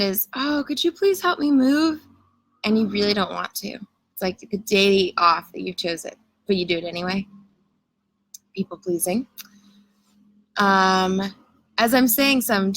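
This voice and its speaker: Bright, chatty woman coach. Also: medium pitch, no room sound, poor audio. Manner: casual, chatty, filler-heavy with frequent "like"; greets viewers and reads comments aloud. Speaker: coach leading an online challenge. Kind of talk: live-stream coaching talk.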